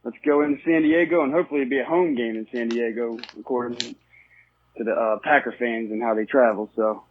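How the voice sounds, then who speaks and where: An upbeat man with a Baltimore accent leaving an excited voicemail for a podcast. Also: mid-range voice, brisk. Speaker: caller. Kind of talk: voicemail call-in. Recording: tinny phone line.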